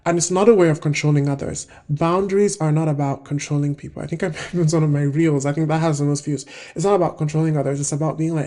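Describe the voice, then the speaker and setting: A woman in her twenties hosting a self-help video, talking through her thoughts in a casual, reflective monologue and often pausing to search for words. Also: deep voice, fairly even intonation, dark tone. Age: 20s.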